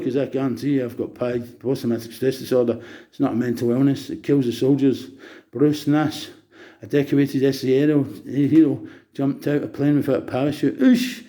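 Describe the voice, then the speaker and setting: A man's voice: medium pitch, fairly even intonation, normal speed, warm tone. A man, talking in a rambling, manic monologue that jumps between topics and turns preachy. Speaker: vlogger.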